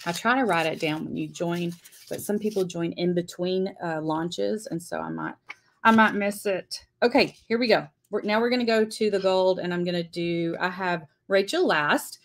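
A woman's voice: fairly low pitch, moderate pace. Lady doing a live lettering class, chatty, says hi to everyone in chat as she goes. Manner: chatty, greets viewers by name while working. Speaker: lettering teacher.

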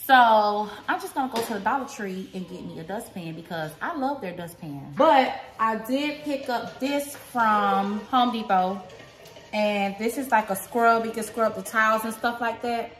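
A woman's voice: on the high side, measured pace. A woman vlogger showing off a shopping haul in a casual, chatty way, talking straight to her viewers at home. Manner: chatty, talks straight to viewers with lots of "y'all". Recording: roomy echo.

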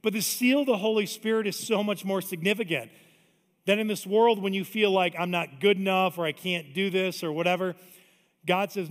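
A middle-aged man preaching a sermon in a church, emphatic and energetic, with quick conversational asides. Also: high-pitched. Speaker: pastor. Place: church auditorium. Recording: long reverb of a large hall.

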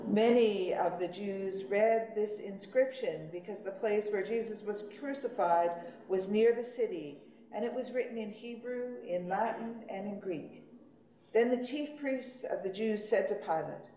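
A woman reading scripture narration slowly and deliberately at a church service. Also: medium pitch, mellow. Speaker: lay reader, narrator. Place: church sanctuary. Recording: echoey church.

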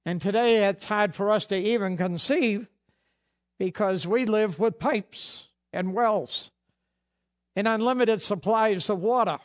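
A man's voice: sits high, unhurried. A man preaching a sermon as pastor, folksy and conversational, acting out bits of dialogue. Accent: New England.

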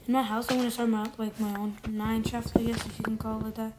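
A woman's voice: on the high side, level tone, fast. A woman giving casual commentary while playing a game, rambling and correcting herself as she thinks aloud. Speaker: gamer. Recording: loud background noise with clicks.

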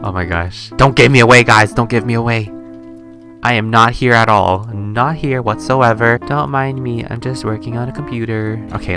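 A young man giving casual, excitable commentary while playing a game, often gasping and squealing when startled. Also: on the low side. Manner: chatty, excitable, gasps and squeals when scared. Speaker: gaming YouTuber. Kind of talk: casual let's-play commentary. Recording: faint game music behind.

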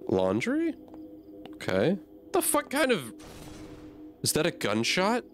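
A man's voice: high-pitched, huge pitch swings, slow pace, soft background music. A man playing a horror game and talking through it aloud, easily startled and swearing often. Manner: jumpy, swears a lot, reacts aloud. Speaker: gamer.

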